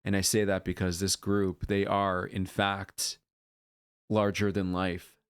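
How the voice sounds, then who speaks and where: Low, unhurried man gushing over a video. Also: clear, resonant tone, dry recording, studio quality. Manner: gushing, bursts into excited whoops; earnest, lots of ums and uhs. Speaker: music video reactor. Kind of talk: casual reaction vlog.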